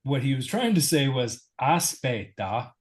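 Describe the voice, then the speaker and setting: American male guest, mid-range voice, relaxed self-mocking storyteller. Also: medium pitch, a little slow. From United States. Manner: easygoing, self-deprecating storyteller. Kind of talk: storytelling in a sit-down interview.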